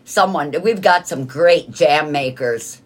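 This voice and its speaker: A woman co-hosting a radio talk show, chatting casually with quick, easygoing reactions. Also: deep voice. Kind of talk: casual on-air banter.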